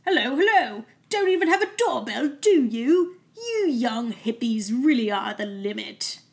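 A woman's voice: fairly high pitch, sing-song, unhurried. A woman doing a blustering dim village constable. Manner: gruff mock British accent, suspicious and blustering. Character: dim pushy small-town male police constable.

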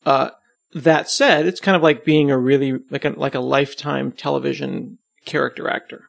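Teasing, gravelly-voiced man on a dry mic. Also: medium pitch, fairly even intonation, moderate pace, no room sound. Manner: teasing, rambling, self-deprecating. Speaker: podcast host and web developer, as guest. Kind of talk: casual podcast interview.

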